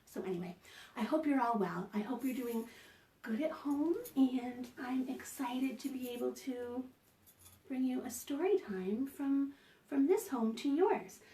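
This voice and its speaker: A high, mellow woman's voice, slow and sing-song as she leads a children's story time from home. Her gentle, encouraging tone is caught by a laptop mic from a distance, so the sound is roomy. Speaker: children's librarian. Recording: roomy home video call audio from a distance.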